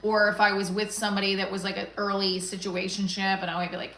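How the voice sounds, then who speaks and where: Bright-voiced woman in a roomy echo. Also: medium pitch, fast, few pauses, a little hiss or hum. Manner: profane, jokey, rambling. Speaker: livestream host. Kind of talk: casual livestream chat with stand-up bits.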